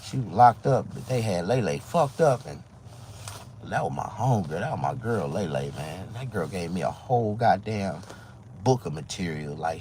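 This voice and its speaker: A comedian man talking casually to his viewers, telling rambling, profane stories that swing between loud outbursts and low asides. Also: lively intonation, moderate pace, slight background noise. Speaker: stand-up comedian. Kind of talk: casual monologue to camera.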